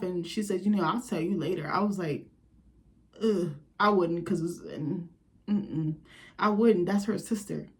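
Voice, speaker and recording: A woman chats her way through a reality TV recap in a blunt, gossipy voice. She swears freely and laughs often, and her pitch leaps up when something amuses her. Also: darkish tone. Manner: blunt, profane, gossipy commentary with quoted reactions. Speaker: recap host.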